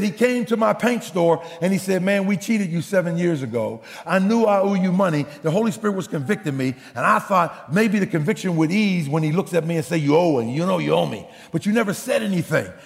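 A man preaching a sermon, telling a story with acted-out quotes and shouted punchlines. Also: high voice, vocal fry, long reverb tail. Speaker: pastor.

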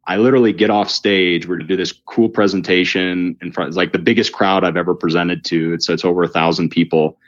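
A man telling his story as a guest in casual conversation, animated and fast, with many restarts and "like"s, his pitch jumping up when he relives exciting moments. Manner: quick with frequent restarts and "like". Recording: dull lo-fi recording.

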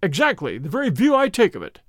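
An excited, eager man at a seance , read by a male narrator, talks high and lively and stumbles a little when flustered. The storybook reading sounds dry and close. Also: quick pace, no echo, heavily acted. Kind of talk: audiobook reading.

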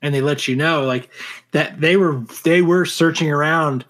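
A man's voice: on the high side, normal speed, fairly bright tone. A man co-hosting a podcast in casual banter, rambling and cracking dry jokes. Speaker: podcast co-host.

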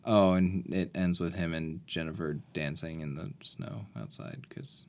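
A man's voice: low voice, steady tone, unhurried, vocal fry, a little mellow. A man co-hosting a podcast, casually recapping a movie in a rambling way and correcting himself as he goes. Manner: rambling, self-correcting retelling. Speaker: podcast co-host.

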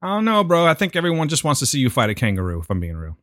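A man's voice: medium pitch, huge pitch swings, very fast, a bit bright, dry recording, clean studio sound. A man co-hosting a podcast in casual, joking chat. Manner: laid-back, joking, rambling. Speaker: podcast co-host.

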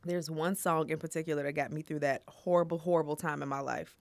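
Woman, blunt and frank, swears freely, lowish voice, dry close sound. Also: steady tone, fast, gravelly, no room sound. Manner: blunt, frank, profane, emphatic. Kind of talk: casual chat.

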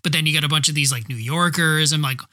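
A man's voice: on the high side, quick pace, bright, forceful tone. A man co-hosting a casual movie podcast, rambling and giggling as he talks. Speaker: podcast co-host. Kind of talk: casual movie-review chat.

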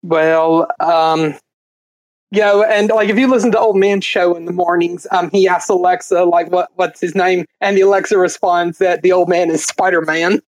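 A man's voice: sits high, steady tone, moderate pace, no echo, low-quality recording. A man with a Southern accent, the podcast's producer, talking hesitantly with many fillers. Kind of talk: casual podcast chat.

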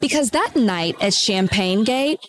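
A woman's voice: medium pitch, animated, a little slow. A woman hosting a podcast, chatting casually with a guest in an upbeat, giggly way. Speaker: podcast host. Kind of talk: casual chat interview.

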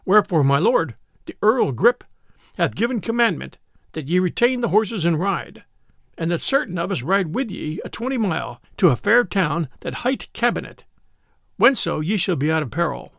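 A courtly attendant from an old storybook delivers his lord's commands in formal, archaic phrases, as a male narrator puts him on. His speech is unhurried and lively in pitch. It carries a slight gravelly edge. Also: no room sound, clean studio sound, heavily acted.

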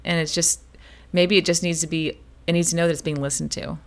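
A woman's voice: fairly low pitch, steady tone, brisk. A woman guest on a podcast, talking candidly and with self-deprecating asides. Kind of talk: casual interview chat.

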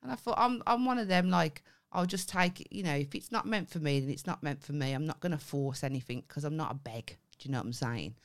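Her voice sits low and she talks fast with few pauses, co-hosting a podcast in a casual chat. The story she tells is animated and laced with swearing, with quoted dialogue acted out.

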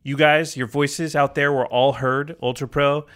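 A man co-hosting a casual card game podcast, joking and talking in quick bursts. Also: a little high, level tone, a bit bright, clear, resonant tone. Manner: jokey, quick bursts of talk. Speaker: podcast co-host. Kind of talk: casual chat. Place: studio or room with camera.

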